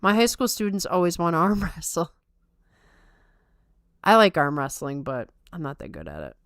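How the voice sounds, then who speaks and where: Casting: young woman podcaster, rambling and self-mocking, Valley Girl lilt, smooth voice on a dry mic. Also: fairly low pitch, huge pitch swings, normal speed, fairly bright tone, dry recording. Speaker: podcast host. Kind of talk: casual chat.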